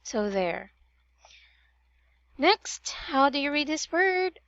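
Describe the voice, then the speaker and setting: A woman's voice: sits high, sing-song, drawn-out words, a bit bright, no room sound, muffled recording. A woman tutoring English pronunciation in a one-on-one online session, patiently drilling words and correcting vowel sounds.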